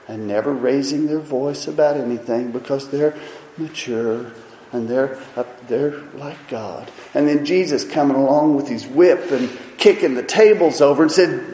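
A man preaching a sermon with impassioned, emphatic delivery, swinging between loud and soft. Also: a little high, expressive, a little slow. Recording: echoey hall.

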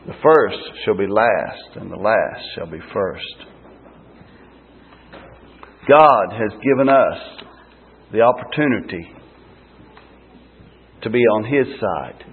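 Slow husky preacher man, tinny sound. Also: lowish voice, expressive. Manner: slow, emphatic preaching with dramatic pauses. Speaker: street preacher. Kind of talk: sermon.

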